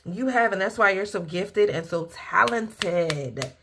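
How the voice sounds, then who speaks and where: Slow, gravelly-voiced woman tarot reader. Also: medium pitch, expressive, fairly bright tone, slight background noise. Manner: heartfelt and informal, with occasional cursing. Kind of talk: casual spoken tarot reading.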